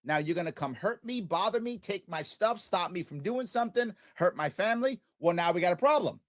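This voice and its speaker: A man hosting a talk radio show, arguing his point in an animated, sarcastic monologue. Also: sits high, fairly quick, no echo, studio quality. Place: radio studio.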